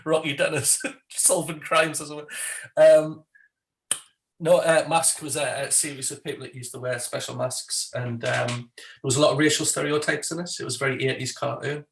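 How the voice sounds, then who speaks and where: A Geordie comedian from Newcastle, England, chatting fast and jokily as a guest, laughing often. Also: male voice, fairly high pitch, steady tone, gravelly, roomy sound, rough recording. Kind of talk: casual chat.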